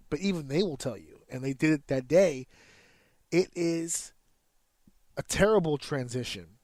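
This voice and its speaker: A man hosts a podcast in a casual, profane monologue, his voice sitting a bit high for a man. He counts out rhythms with clipped sound effects to make a point. The recording is dry, with no room sound. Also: darkish tone, no echo. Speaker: podcast host and wrestler.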